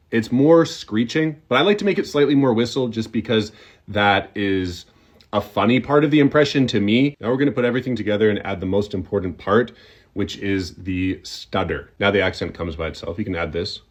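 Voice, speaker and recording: A young man walks through a comedy impression step by step, talking in a relaxed instructional way. His voice sits on the low side, and he often stops mid-thought to demonstrate. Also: a little fast. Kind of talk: comic tutorial.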